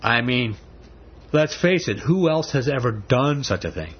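A man's voice: medium pitch, animated, a little slow. A man delivers a sermon in an emphatic preaching voice, driving his points home with rhetorical questions. The recording sounds dull and slightly lo-fi. A faint hiss of background noise sits underneath.

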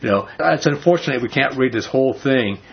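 A man leading a Bible study, reading scripture slowly and then explaining it in loose, casual talk with a husky voice. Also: mid-range voice, expressive, a little hiss or hum. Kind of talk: informal Bible study teaching. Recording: dull lo-fi recording.

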